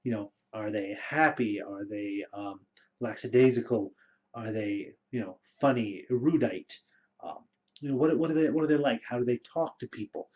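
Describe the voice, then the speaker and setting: A man's voice: medium pitch, normal speed. Man giving rambling game advice, dull audio. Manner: relaxed, rambling with frequent fillers. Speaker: storyteller and game master. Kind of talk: casual spoken advice video. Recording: dull lo-fi recording.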